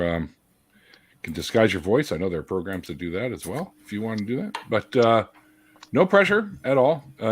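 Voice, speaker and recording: A man hosting a casual online chat show, speaking warmly to viewers in the live chat. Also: sits low, slightly rough. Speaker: podcast host.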